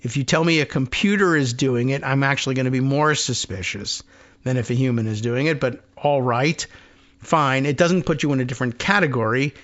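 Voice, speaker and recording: A man's voice: medium pitch, a little fast, a bit bright, lo-fi sound. Wry talk show host, man. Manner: conversational, wry, thinks aloud with asides. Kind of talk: reading and commenting on news.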